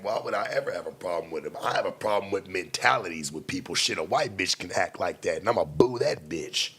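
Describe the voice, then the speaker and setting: A man hosting a late-night show, talking in a blunt, profane casual monologue with sudden loud outbursts. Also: low voice, lively intonation, a little fast, few pauses, breathy edge.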